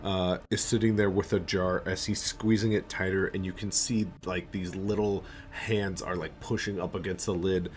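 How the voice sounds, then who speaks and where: A man's voice: sits low, level tone, moderate pace, few pauses. A man narrating as game master of a tabletop role-playing game, chatty and loose with filler words.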